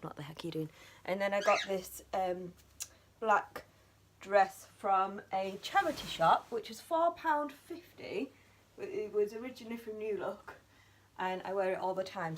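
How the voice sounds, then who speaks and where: A middle-aged woman chatting casually to camera in a daily vlog, sometimes cooing at her pet birds. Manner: chatty, talks to her pet birds in a high sing-song voice. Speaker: vlogger.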